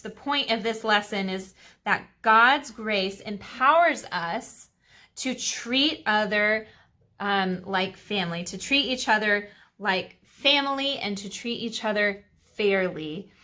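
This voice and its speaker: Bright-voiced woman telling a Bible story. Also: on the high side. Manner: chatty storytelling with fillers and asides. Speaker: Sabbath school teacher. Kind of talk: Bible story lesson for kids.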